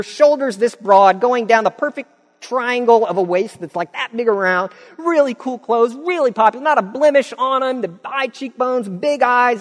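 A male pastor preaching a sermon in a conversational, storytelling way with touches of humor and casual fillers. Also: very high-pitched. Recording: long reverb of a large hall.

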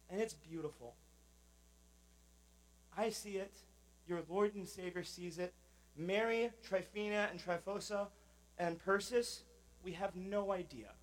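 A man's voice: fairly high pitch, poor audio. A man, a pastor, giving a sermon in a conversational, informal manner with many fillers.

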